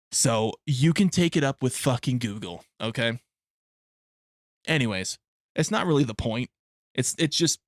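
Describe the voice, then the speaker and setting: This young adult man's medium-pitched voice carries casual live-stream chatter full of swearing, tangents, and plenty of laughter. The sound is clean studio quality without echo.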